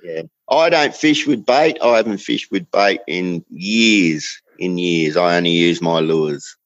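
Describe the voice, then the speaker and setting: Australian man, relaxed rambling storyteller, lower voice, dry close sound. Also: dry recording, highs cut off. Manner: rambling storyteller, drawn-out emphasis. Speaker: fishing guest. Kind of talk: casual chat.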